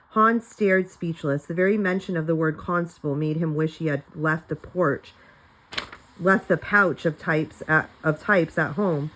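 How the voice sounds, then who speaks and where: Lady reading a kids' chapter book aloud, lowish voice, easy storytelling. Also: a little slow, a bit bright, poor audio. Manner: plain storytelling with light character voices and small slips. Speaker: reader of a children's novel.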